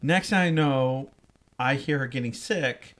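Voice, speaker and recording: A man's voice: mid-range voice, unhurried, a bit bright. A middle-aged man, a podcast co-host, telling a rambling story in casual chat, full of fillers and restarts. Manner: laughs through his words.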